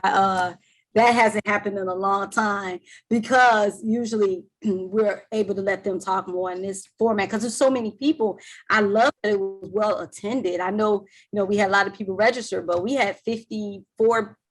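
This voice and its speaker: Brief: woman webinar presenter on a video call, tired voice, casual and chatty, middle pitch. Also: steady tone, moderate pace, low-quality recording. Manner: chatty, warm thanks, trails off with ums. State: voice worn from talking.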